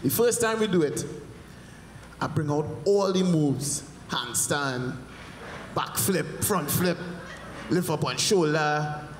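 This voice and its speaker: A man tells comic stories on stage, slipping into voices for the people in them. His voice sits somewhat high, and it rings through a large, echoey hall with a long reverb tail. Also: slow, pauses often, slight background noise. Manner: animated storytelling with character voices. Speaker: stand-up comedian. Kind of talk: stand-up comedy set. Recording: echoey hall, live performance.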